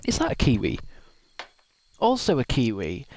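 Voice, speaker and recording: A man's voice: medium pitch, sing-song, slow pace, darkish tone, no room sound, poor audio. A man, streaming a game and chatting casually with viewers in a rambling way, laughing often. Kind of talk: casual gaming livestream chat.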